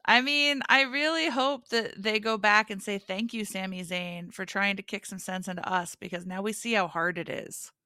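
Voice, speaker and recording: A woman co-hosting a casual wrestling podcast, playful and jokey, quick to laugh. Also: medium pitch, fairly even intonation, sharp tone, no room sound, studio quality. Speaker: podcast co-host.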